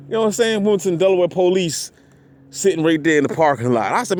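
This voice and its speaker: A man with a somewhat high-set voice rambles on outdoors in a loose vlog monologue. He swears constantly, leans on street slang, and keeps circling back with "you know what I'm saying." The talk is repetitive and stream-of-consciousness. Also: animated, fast. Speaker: vlogger. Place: outdoors at a park parking area.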